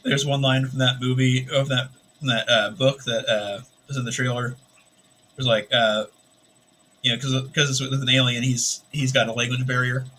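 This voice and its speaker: A man in casual stream chat who tells a story haltingly with many restarts. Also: medium pitch, flat delivery, pushed and bright, a little hiss or hum. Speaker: co-host artist.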